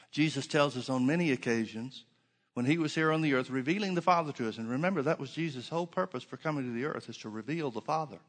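A man's voice: mid-range voice, fairly bright tone. Guy preaching a sermon, keeps asking questions and repeating himself, long echoey hall reverb. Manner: emphatic, repeats key phrases, rhetorical questions.

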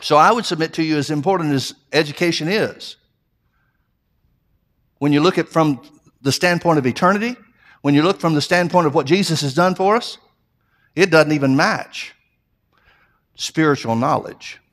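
Guy preaching, bit higher voice, earnest, restarts a lot, builds up the emphasis. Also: moderate pace, long pauses, fairly bright tone. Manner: repeats himself, restarts phrases. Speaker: pastor. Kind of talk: sermon.

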